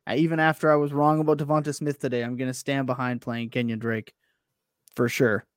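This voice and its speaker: A man chatting on a podcast as a guest, animated and self-deprecating, often stumbling and restarting his words. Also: mid-range voice, a little fast, no room sound, studio quality. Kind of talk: casual chat.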